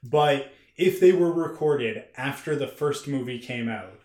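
A man's voice: mid-range voice, unhurried, crowd noise. A man co-hosting a podcast, explaining at length in casual chat, with many restarts. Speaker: podcast co-host. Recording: roomy echo.

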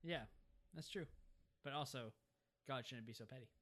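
A speaker chatting casually about a film, sarcastic, acting out scenes in quick funny voices. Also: medium pitch, a bit bright. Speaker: co-host of a movie discussion podcast. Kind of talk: casual chat.

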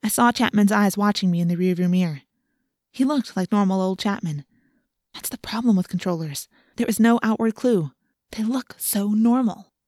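A woman's voice: mid-range voice, moderate pace, darkish tone, no echo, studio quality. A woman narrating a first-person novel in an earnest, tense storytelling manner. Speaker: audiobook narrator.

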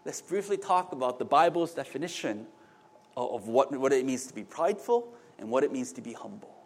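Lively, animated male preacher. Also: mid-range voice, brisk. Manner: conversational, asides to the congregation, many restarts. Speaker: pastor. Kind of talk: sermon.

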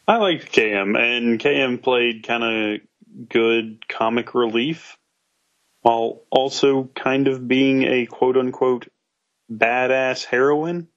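A man's voice: mid-range voice, slow, a bit bright, highs cut off. A man joining a casual movie review chat, joking in an offhand way.

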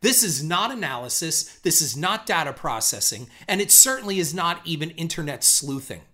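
A man's voice: a little high, very animated, moderate pace, bright, forceful tone. A man giving a ranting, profane commentary, sarcastic and scornful, hammering his points with repetition. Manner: emphatic, punchy repetition.

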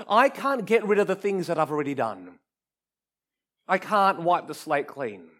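A man preaching a sermon in an earnest, emphatic way, often dropping to a hush for effect. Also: high-pitched, lively intonation, moderate pace. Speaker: pastor.

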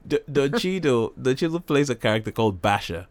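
A man's voice: mid-range voice, lively intonation, a little fast, dry recording. A man hosting a radio show, chatting casually about films and laughing often. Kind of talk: casual film chat.

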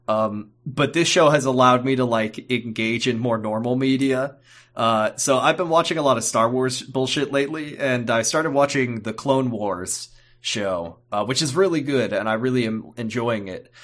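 A man in casual podcast chat, rambling and swearing freely as he recaps an episode. His voice sits at an ordinary middle pitch, and he often breaks into goofy asides. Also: moderate pace, fairly bright tone. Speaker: podcast co-host.

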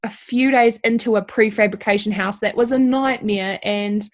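A young woman, an apprentice tradesperson appearing as a guest, tells a candid, emotional personal story packed with "like" and "you know." Her mid-range voice holds a steady tone at a moderate pace, and she comes across as heartfelt.

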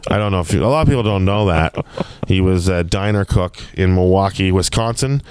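A man hosts a comedy podcast with a smooth, fairly low voice, tossing out deadpan jokes and silly wordplay. The sound is dry and close, with no room around it. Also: fairly quick, no echo. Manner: goofy riffing, deadpan wordplay. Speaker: podcast host. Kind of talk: casual comedic chat.

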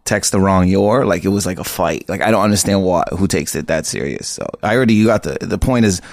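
A male comedian with a low, gravelly voice talks in an excitable, rambling way, often poking fun at himself. The recording is dry and close. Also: quick pace, no room sound. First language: Arabic is his heritage language, spoken choppily. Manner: excitable, rambling, self-mocking. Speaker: comedian guest. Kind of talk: casual interview chat.

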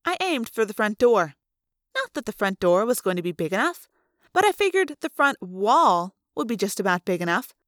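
A woman's voice: medium pitch, very animated, moderate pace, a bit bright, dry recording, clean studio sound. A woman reading a first-person novel aloud, dramatic and voicing the sound effects herself. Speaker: audiobook reader.

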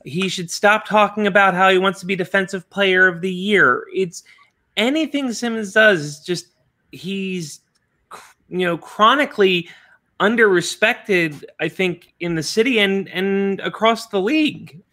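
A woman co-hosting a podcast in casual chat, halting with fillers and laughing easily. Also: mid-range voice, pushed and bright. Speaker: podcast co-host.

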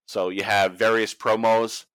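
A man's voice: on the low side, little pitch movement, measured pace, a bit bright, smooth, no room sound. A man hosting a podcast in casual chat, laid-back and crude with jokes. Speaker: podcast host.

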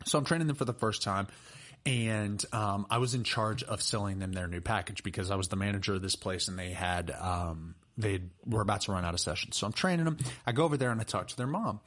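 A man's voice: lowish voice, fairly quick. A young man, a personal trainer chatting casually on a podcast and telling stories with plenty of fillers. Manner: chatty, animated storyteller with laughs and fillers. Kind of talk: casual podcast chat and storytelling.

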